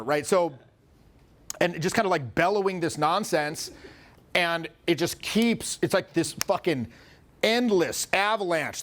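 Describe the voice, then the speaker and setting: Animated, profane man in his forties. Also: a little high. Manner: animated and profane, acting out quoted voices. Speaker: social skills coach. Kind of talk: casual chat.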